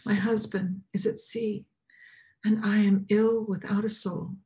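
A poor young mother speaks wearily and sadly, as a woman reading the story puts her on. The voice stays soft and tired. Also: medium pitch, flat delivery, a little slow, natural voice. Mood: weary. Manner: weary, sad.

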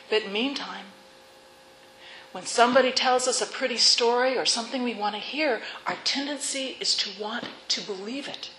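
A woman preacher telling stories in a sermon, earnest and soft-spoken, often dropping to a hush. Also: fairly high pitch, slight background noise. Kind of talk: sermon storytelling. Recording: echoey room.

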